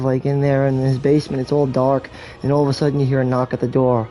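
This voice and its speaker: A man's voice: medium pitch, level tone, fairly quick, warm tone, a little hiss or hum. A man giving a joking, rambling walkthrough commentary on a video game, full of crude jokes and swearing.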